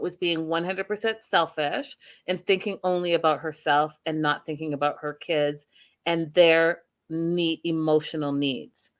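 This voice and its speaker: A woman's voice: lowish voice, a bit bright. A woman hosting a reality-show recap in a casual, opinionated way, telling stories and acting out what people said. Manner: chatty storyteller, acts out quotes, opinionated asides. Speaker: host reviewing a reality show.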